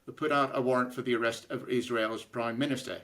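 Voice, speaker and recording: British guy on a podcast, dry wry delivery, mid-pitched voice, chuckles a bit. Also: fairly even intonation, quick pace, fairly bright tone. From United Kingdom. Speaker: podcast co-host. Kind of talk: casual political comedy chat.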